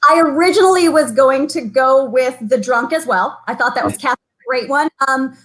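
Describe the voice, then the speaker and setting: Her voice sits high with a fairly bright tone. As a chamber of commerce president appearing as a guest over video call, she chats in a casual interview, upbeat, talkative, and laughing readily.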